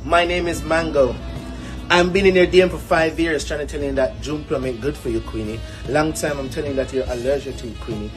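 A man's voice: fairly high pitch, fairly quick, lightly acted. A man voicing a flirty male mango fruit in a comedy skit, pleading and persuasive, repeating his questions. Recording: loud guitar music behind.

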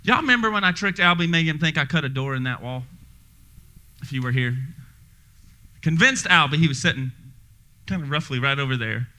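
A male pastor preaching a sermon to his congregation in a church, energetic and joking, speaking directly to the people in the room. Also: fairly high pitch, a little fast, long pauses. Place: church sanctuary before a congregation.

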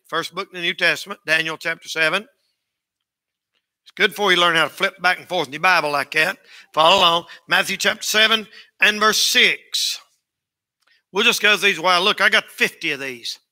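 A man's voice: high-pitched, pushed and bright. A man preaching a folksy sermon as pastor to his church, joking and acting out everyday sayings. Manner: folksy, joking, acts out quotes. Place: church sanctuary.

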